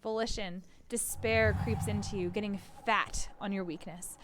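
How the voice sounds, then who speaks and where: A woman streamer reading a video game aloud on a live stream, animated, laughing now and then. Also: medium pitch, moderate pace, background noise.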